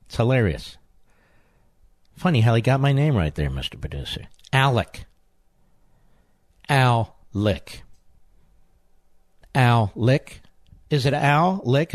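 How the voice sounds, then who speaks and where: A man's voice: medium pitch, very animated, normal speed, no room sound. A man hosting a talk radio show, delivering a combative, sarcastic monologue full of mocking insults.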